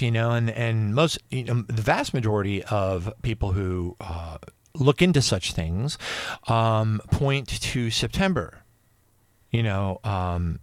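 A man in his fifties telling a personal religious testimony, rambling and emotional, with frequent restarts and excited outbursts. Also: on the low side, a little slow, no echo, studio quality. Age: 50s. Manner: rambling with many restarts and asides. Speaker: religious video speaker.

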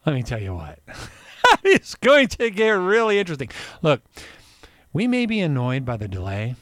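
Male podcast host, chatty news commentary, lively pitch, digressive, laughs often. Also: normal speed, dry recording.

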